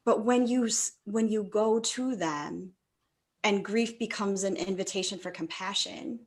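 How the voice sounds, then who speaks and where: Animated woman coach, acting out thoughts. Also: mid-range voice, unhurried. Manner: animated, acts out her own inner voice. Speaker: coach and magazine contributor. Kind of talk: casual video-call discussion.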